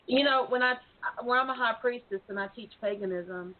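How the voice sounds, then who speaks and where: A woman who teaches paganism, speaking casually and haltingly, often repeating her words. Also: a little high. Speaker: high priestess and pagan teacher. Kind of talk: casual podcast conversation. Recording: tinny phone-like line.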